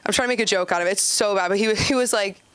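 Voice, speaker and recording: A woman's voice: medium pitch, rapid-fire, fairly bright tone, clear, resonant tone, no echo. A woman doing open mic stand-up comedy on a club stage, chatty and giggly, with lots of "like" in her speech. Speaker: stand-up comic and show host.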